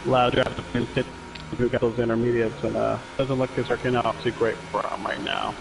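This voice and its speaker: A man's voice: medium pitch, level tone, normal speed, creaky, noisy background. A man co-commentating an online sim race, talking through tire strategy and correcting himself as he goes. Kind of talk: casual live sim racing commentary.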